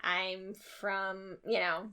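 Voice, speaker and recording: A woman's voice: mid-range voice, flat delivery, extremely slow, background noise. A woman from Northern California, a mom and podcast co-host, chatting casually and laughing often. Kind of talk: casual chat.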